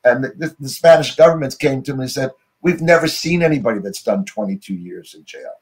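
A man's voice: mid-range voice, a little fast. A middle-aged American man talks as an interview guest, rambling loosely through his story. He fills his speech with "you know" and breaks off to restart his sentences. He is heard over a remote call. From United States.

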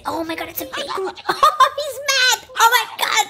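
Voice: very high voice, sing-song, moderate pace, vocal fry, hardly any pauses, a crowd in the background. A reaction video host who exclaims, gasps and giggles at clips and makes up rhyming nonsense words. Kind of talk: excited reaction commentary. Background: music from the clips.

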